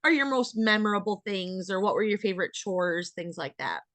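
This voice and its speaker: A young American woman hosts a relaxed interview podcast. She talks in a chatty, rambling way, with plenty of fillers. Her voice sits in the middle for a woman and sounds dry and close. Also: mid-range voice, normal speed, dry recording. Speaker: podcast host, dairy farmer. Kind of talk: casual interview chat.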